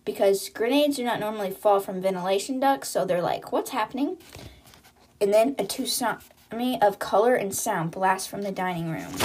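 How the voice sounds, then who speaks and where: A woman's voice: mid-range voice, moderate pace, a little mellow. A woman hosting a podcast, chattily retelling a novel's scenes in a casual book recap, quoting characters with "she's like". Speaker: podcast host.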